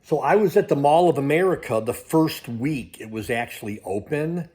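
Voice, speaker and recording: A man's voice: on the high side, lively intonation, moderate pace, darkish tone. Rambling older man vlogging casually. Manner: rambling, loses his train of thought. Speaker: crypto vlogger. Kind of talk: casual travel vlog.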